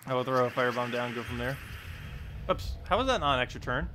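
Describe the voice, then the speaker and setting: Chatty bright-voiced man streamer. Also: mid-range voice, animated, a little hiss or hum. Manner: quick, chatty, self-mocking. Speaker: gaming streamer. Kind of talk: casual gameplay commentary. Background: faint game music.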